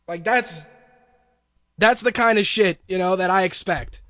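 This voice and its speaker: Profane, sarcastic high-voiced man ranting. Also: a little slow, pauses often, fairly bright tone, no echo, clean studio sound. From Hispanic background. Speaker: podcast host. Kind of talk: ranting casual commentary.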